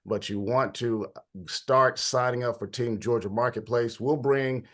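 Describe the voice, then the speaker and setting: A man runs a casual online policy talk, speaking conversationally and at an unhurried pace while calling out attendees' names as they arrive. His voice sits at medium pitch and has a slightly stuffy, congested quality.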